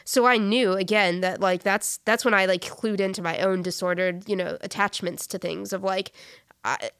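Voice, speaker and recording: A woman talking in a relaxed group chat about her spiritual life. She speaks in broken, halting phrases, stacking fillers and restarting her thoughts. Her voice sits at an ordinary pitch, recorded close and dry with no room sound. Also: clear, resonant tone, no echo. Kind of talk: casual faith chat.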